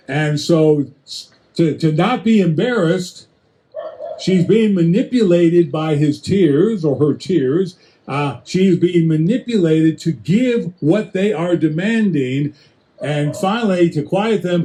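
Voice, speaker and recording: Man, preacher, mellow voice, pitched a bit high, conversational Bible teaching, direct asides to the audience. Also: animated, rough recording. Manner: talks straight to listeners with quick restarts and acted-out asides.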